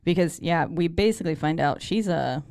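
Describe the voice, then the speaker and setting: A woman co-hosting a horror movie podcast, talking in a playful, joking way. Her voice is fairly low but swings widely and expressively in pitch. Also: fairly quick. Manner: animated, playful, laughs easily, jokes. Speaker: podcast co-host. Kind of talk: casual chat about a horror film.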